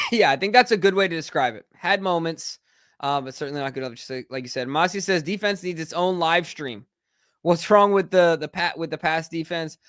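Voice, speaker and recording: Co-host: excitable congested guy, high voice, dry close sound. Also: a little fast, no room sound. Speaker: sports podcast co-host. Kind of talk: casual sports talk.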